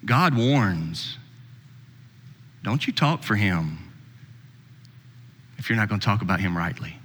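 A male pastor preaching a sermon, dropping to low soft passages and rising to high, emphatic exhortation. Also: sing-song, slow. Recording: long reverb in a hall.

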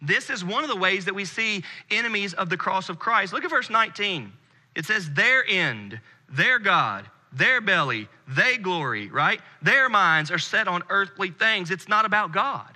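A man in his thirties from the United States preaching a sermon with earnest intensity, dropping to a hush on key phrases. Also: sits high, sing-song, normal speed. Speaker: pastor. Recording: long hall reverb.

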